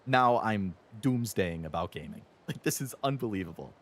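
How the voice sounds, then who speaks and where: A man in his twenties streams a game while ranting heatedly about the gaming industry, swearing plenty and mocking companies in sarcastic voices. His voice is on the low side, expressive, at a normal speed.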